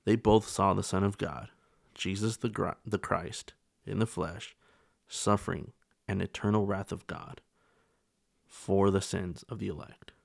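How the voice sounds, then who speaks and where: A man's voice: sits low, steady tone, a little slow, creaky, no echo, clean studio sound. A man co-hosting a podcast, talking earnestly in a casual discussion, often restarting his phrases. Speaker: podcast co-host.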